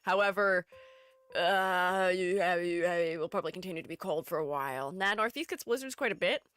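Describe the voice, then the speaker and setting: A woman's voice: fairly low pitch, fairly quick, a bit bright. A young adult woman streaming live, chatting casually, reading chat messages aloud and laughing often. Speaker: streamer and art educator.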